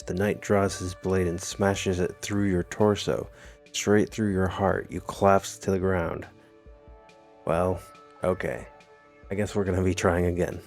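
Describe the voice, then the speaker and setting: A man's voice: low voice, a little mellow. A man reading a text adventure game aloud, adding wry, amused comments of his own. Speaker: gamer.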